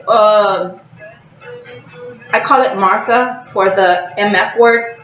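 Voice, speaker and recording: Animated woman in an echoey room. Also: mid-range voice, slow, long pauses, soft background music. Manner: animated, acts out emotional outbursts. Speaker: tarot channel host. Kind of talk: casual spiritual monologue.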